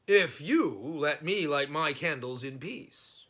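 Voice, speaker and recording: A man's voice: a little high, expressive, slow pace, fairly bright tone, full character voice. A man playing a clever, teasing folk hero.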